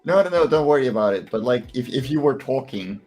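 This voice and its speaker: A man's voice: mid-range voice, animated, quick pace, darkish tone, faint music behind. A man co-hosting a casual online drawing stream, explaining his work as he thinks aloud. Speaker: stream co-host and comic creator. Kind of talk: casual chat while lettering comics live.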